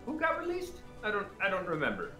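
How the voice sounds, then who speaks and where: A man's voice: high voice, huge pitch swings, fast, echoey room, loud music behind the voice. A man playing a tabletop game, speaking hesitantly and diplomatically. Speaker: player. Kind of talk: in-character tabletop play.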